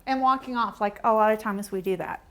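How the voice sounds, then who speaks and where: Animated woman leading a training workshop. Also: medium pitch, a little fast. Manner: animated, acts out quoted everyday exchanges; direct, asks the audience questions. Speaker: workshop presenter. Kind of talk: conversational training talk to a small group.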